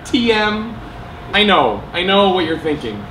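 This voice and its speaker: A man voicing an over-eager male theme-park ad announcer with a cheesy, mock-cheerful sales pitch, live on a stage. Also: sing-song, unhurried, pushed and bright, slight background noise, exaggerated voice. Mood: hyped. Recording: roomy live venue sound.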